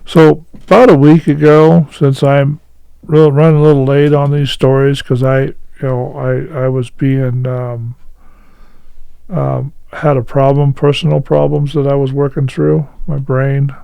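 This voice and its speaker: A man hosting his own channel, giving casual commentary in a rambling, halting way with many fillers and restarts. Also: medium pitch, level tone, gravelly, dark tone, clean tone, no room sound, rough recording. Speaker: host.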